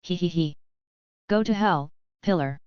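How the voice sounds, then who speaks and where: A gloating monster merged into a roller coaster cackles its threats in an audiobook. A woman reads it in a lowish, very smooth voice. The sound is dry and a little dull. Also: a little slow, no room sound, lightly acted. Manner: cackling and boastful. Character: gleeful monstrous demon fused into a roller coaster.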